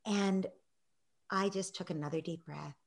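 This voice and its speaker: A middle-aged woman telling a story in a conversation, acting out quoted voices and sinking to a soft near-whisper in reflective moments. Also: lowish voice, fairly even intonation, unhurried, gravelly. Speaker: guest, parenting author.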